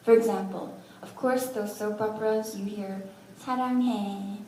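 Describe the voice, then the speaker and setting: A woman's voice: mid-range voice, little pitch movement, normal speed, dark tone, a little hiss or hum. A woman teaching a language class, patiently sounding out words syllable by syllable with good-humored asides. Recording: echoey room, from far off.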